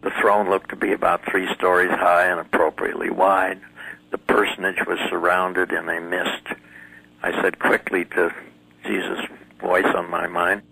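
Gravelly low-voiced man telling a dramatic story. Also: little pitch movement, normal speed, pushed and bright, low-quality recording. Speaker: guest recounting a near-death experience. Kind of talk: earnest testimony in an interview.

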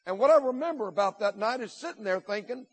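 A man's voice: sits high, lively intonation, fast, husky, low-quality recording. A man giving a motivational speech to students, telling his story emphatically with repeated lists and acted-out quotes. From Indiana. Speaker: motivational speaker at school assemblies.

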